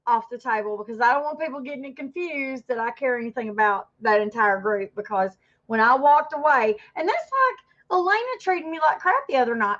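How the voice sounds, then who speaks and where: A woman's voice: high-pitched, fairly bright tone. Fifty-year-old woman ranting on a livestream. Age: 50s. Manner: rambling, defensive, talks to chat viewers. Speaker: livestream host. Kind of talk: casual livestream rant. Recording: dull lo-fi stream audio.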